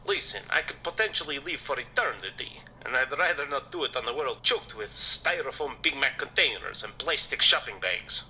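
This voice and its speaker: A man's voice: mid-range voice, expressive, normal speed, hardly any pauses, bright, forceful tone, low-quality recording. A man voicing a preachy, smug male vampire in a video game who lectures in a theatrical way. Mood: lecturing.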